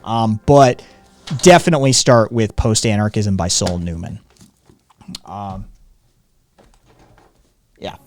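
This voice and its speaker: A man's voice: lowish voice, expressive, slow, pauses often, darkish tone, a little hiss or hum. An American man hosting a live stream, chatting casually, rambling with lots of ums and frequent swearing. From United States. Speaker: streamer host. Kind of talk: casual chat.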